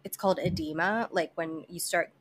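A woman's voice: on the low side, fairly even intonation, moderate pace, slightly rough. A woman hosting a podcast, telling a history story in casual chat, with many fillers, restarts and some swearing. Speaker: podcast host presenting history.

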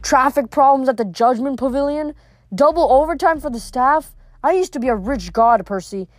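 A woman's voice: sits high, normal speed, no echo, voice pushed up, natural voice. A woman voicing an imperious, angry male god of the underworld who bellows threats and grievances in a storybook reading. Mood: aggrieved.

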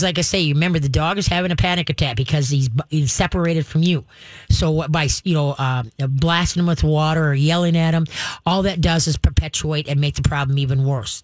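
This deep-voiced woman speaks fairly quickly with fairly even intonation while hosting a chatty dog-training call-in show on radio. Frequent laughter and acted-out dog thoughts mark her delivery, captured dry and close through a studio microphone without echo.

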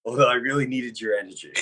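A man hosting a podcast in casual chat, talking in a low-key, subdued way with a sore, worn-out throat. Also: pushed and bright, a little hiss or hum. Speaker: podcast host.

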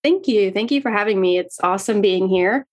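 Canadian-born woman, thirties, slight Southern US accent; friendly, wry, quick to laugh as a podcast guest. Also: medium pitch. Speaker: guest, real estate agent. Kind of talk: casual interview chat.

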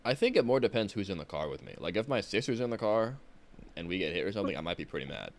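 Young guy on a podcast, low voice that bounces around a lot, swears casually. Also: very animated, fast. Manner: blunt, swears freely, trails off. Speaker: podcast co-host. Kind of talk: casual chat.

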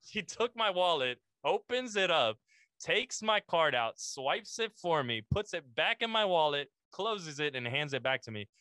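A man's voice: fairly high pitch, very animated, moderate pace, bright, forceful tone, clear, resonant tone, no echo. A young man, a podcast guest, telling a casual story full of slang and swearing, calling the listener "bro".

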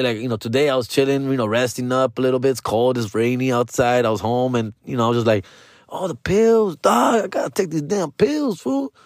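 A man's voice: mid-range voice, no room sound. Laid-back slangy man talking in a dry room. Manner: slangy, profane, peppers talk with "dog" and "fool"; switches into Spanish mid-sentence. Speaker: vlogger. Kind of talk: casual personal monologue. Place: his room at home.

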